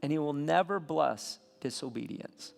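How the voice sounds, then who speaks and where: A man preaching a sermon as a pastor, telling a story with lively swings between soft asides and loud bursts. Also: on the high side, a little slow, vocal fry. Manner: animated storytelling with sudden loud peaks. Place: church sanctuary. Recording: long hall reverb.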